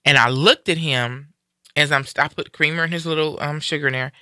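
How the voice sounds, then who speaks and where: Bright, forceful man retelling a story. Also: a little high, a little fast, clean tone, no echo, studio quality. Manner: animated retelling, acting out quoted speech. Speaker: guest sharing a personal story. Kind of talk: casual live-stream conversation.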